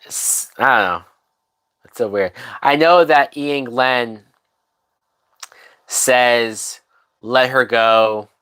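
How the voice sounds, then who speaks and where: A man's voice: mid-range voice, extremely slow, long pauses, a bit bright, clean tone. A drunk man hosting a livestream, giving casual movie commentary in a rambling, profane way that trails off mid-thought. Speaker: livestream host.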